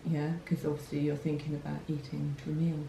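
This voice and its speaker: A woman's voice: deep voice, monotone, brisk, vocal fry, dark tone. A middle-aged woman, the mother, chatting casually at home with short, easygoing replies. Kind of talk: casual chat. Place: dining room at home. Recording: roomy dining room.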